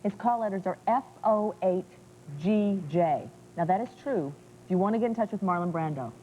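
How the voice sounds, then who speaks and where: A woman's voice: mid-range voice, lively intonation, normal speed, mellow, slight background noise, low-quality recording. A woman co-hosting a TV talk show in a teasing, playful way, laughing often. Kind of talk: playful morning TV chat.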